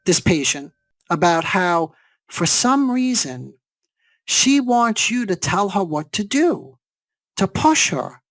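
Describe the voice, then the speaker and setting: A man's voice: sits high, sing-song, takes it slowly, fairly bright tone, dry recording. A man giving a seminar lecture on therapy, explaining step by step and checking in with rhetorical questions. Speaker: psychologist teaching a seminar.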